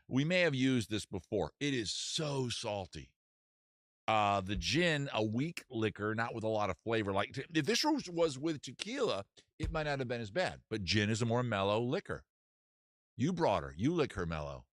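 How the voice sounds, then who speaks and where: Lively rambling comedy show host. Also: male voice, medium pitch, moderate pace, no echo, studio quality. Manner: animated, rambling, self-mocking. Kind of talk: comedy livestream chat.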